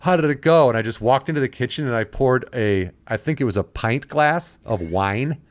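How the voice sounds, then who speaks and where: A man's voice: mid-range voice, normal speed, dry recording. A man hosting a casual podcast chat, telling stories and acting out the people he quotes. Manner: storytelling, acting out quoted voices. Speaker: podcast host.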